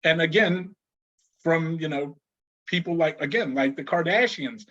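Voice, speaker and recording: A man with a notably high voice tells stories as a guest, laughing and restarting as he goes. The audio is slightly muffled and lo-fi. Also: a little slow. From New Orleans. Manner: animated storyteller, laughs often, many restarts. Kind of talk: casual conversation.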